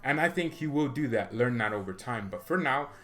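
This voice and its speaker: A man's voice: medium pitch, expressive, fairly quick, fairly bright tone. A man hosting a fan channel, giving rambling, casual football commentary full of fillers. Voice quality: rambling, chatty, filler-heavy.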